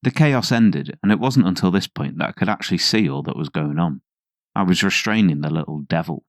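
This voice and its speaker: A man reads reddit stories aloud in a scripted, conversational narration. His voice sits very low, and the recording is close and dry. He drops in sardonic asides along the way. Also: expressive, a little fast, dry recording.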